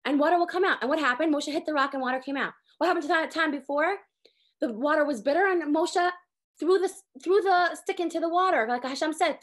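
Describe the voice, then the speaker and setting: High-voiced, animated woman teaching. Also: a little fast. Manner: animated storyteller, acts out quoted voices. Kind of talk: Torah lesson to a group.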